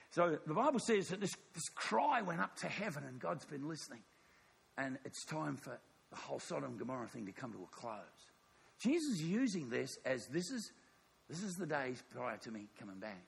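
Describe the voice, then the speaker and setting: A man preaching a sermon, telling a story with animated acted-out dialogue. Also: fairly high pitch, moderate pace, gravelly, husky.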